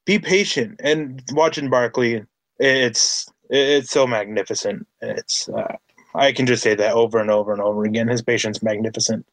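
A man's voice: medium pitch, fairly even intonation, normal speed, no echo. A man hosting a casual sports podcast, talking with enthusiasm and building his points with repeated phrases. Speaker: podcast host.

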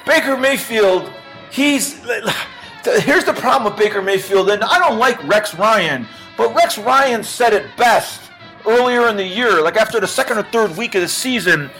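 A man's voice: sits high, lively intonation, normal speed, sharp tone, soft background music, poor audio. An older man co-hosting a podcast, talking sports in an emphatic, repetitive way. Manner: emphatic, repeats himself. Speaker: podcast co-host. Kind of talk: casual sports chat.

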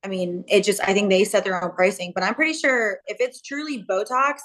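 A woman's voice: medium pitch, fairly quick, fairly bright tone. A woman who works as a cosmetic injector, explaining things casually and hedging with lots of fillers on a podcast.

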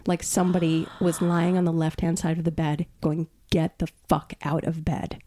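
Woman, from Brooklyn, podcast guest, lowish voice, animated casual storytelling, swears freely. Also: moderate pace. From Brooklyn, New York.

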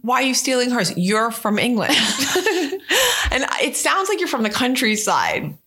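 A woman's voice: on the high side, very animated, measured pace, pushed and bright. A woman chatting casually with her best friend on a podcast, blunt and teasing, laughing easily. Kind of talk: casual chat between friends.

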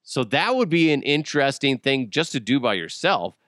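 A man's voice: medium pitch, very animated, moderate pace, a bit bright, dry recording, clean studio sound. A man hosting a podcast alone, joking crudely and riffing in a casual comic monologue. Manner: joking, crude, puts on silly voices. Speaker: podcast host.

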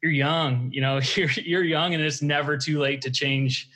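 A man's voice: on the high side, fairly even intonation, moderate pace, bright, forceful tone. A man co-hosting a podcast, reflecting on the guest's story in an admiring tone. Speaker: podcast co-host. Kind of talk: casual podcast chat.

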